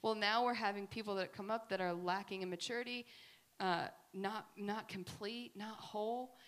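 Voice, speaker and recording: A woman giving a faith talk, telling family stories in an animated, chatty way with many fillers. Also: mid-range voice, normal speed. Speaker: speaker at a faith gathering.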